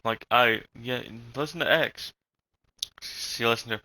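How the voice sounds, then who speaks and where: A man's voice: medium pitch, a little slow, sharp tone, a little hiss or hum, rough recording. A young man with a slight Southern accent, ranting in a rambling, profane way while he plays a game. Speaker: vlogger. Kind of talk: rambling casual rant.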